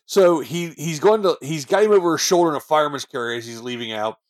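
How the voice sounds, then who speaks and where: A man's voice: on the high side, fast talker. A man co-hosting a podcast, enthusiastically retelling movie scenes in casual chat. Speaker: podcast co-host.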